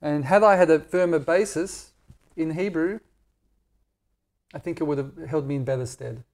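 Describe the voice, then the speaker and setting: A middle-aged man with an Australian accent answers interview questions in a relaxed, candid way. He jokes easily and pokes fun at himself. His voice sits a little higher than most men's. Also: normal speed. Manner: candid, joking, self-deprecating. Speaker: guest. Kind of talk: casual interview chat.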